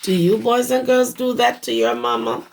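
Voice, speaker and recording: A hoarse woman who teaches preschool, reading a picture book aloud to young children and stopping to explain words. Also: fairly high pitch, sing-song, normal speed, a little mellow. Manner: explains words to small children as she reads. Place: her home.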